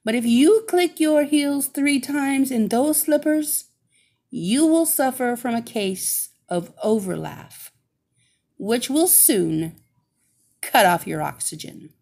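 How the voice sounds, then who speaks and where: A woman voicing a kindly good witch who explains things calmly and slowly in a storybook reading. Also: high voice, vocal fry, pitched above the performer's own voice, full character voice.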